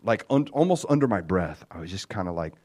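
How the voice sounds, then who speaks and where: A man giving a personal testimony as a sermon, telling it like a story, dropping to a hushed near-whisper and then rising to loud excitement. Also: sits low, a little fast.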